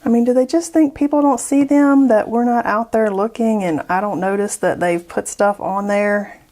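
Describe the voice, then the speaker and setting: A woman's voice: medium pitch, fairly even intonation, normal speed, darkish tone. A woman making an art vlog, chatting and joking as she paints, laughing often and easily. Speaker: art YouTuber.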